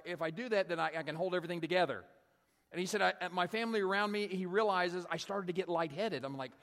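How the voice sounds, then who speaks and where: Guy preaching a sermon, chatty storyteller, keeps tossing in "right?", voice a bit high, big echoey hall. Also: fairly bright tone. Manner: conversational storytelling, frequent "right?" tag questions. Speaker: pastor.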